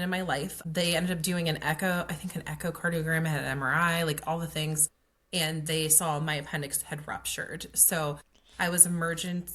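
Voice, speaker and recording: A woman tells a personal story in a relaxed, conversational way. Her voice sits fairly low, and she peppers her talk with "like" and slips into quoted dialogue. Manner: chatty, frequent "like" fillers, acts out quoted dialogue. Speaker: guest, pelvic floor occupational therapist. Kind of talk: casual storytelling.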